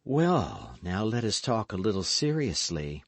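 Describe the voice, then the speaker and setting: A cold, vindictive noblewoman weaves her words slowly, coaxing and calculating, with a lifted, lilting voice that a male audiobook reader puts on. The sound is dry and close. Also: on the low side, wildly swooping pitch, no room sound, full character voice. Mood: coaxing, scheming.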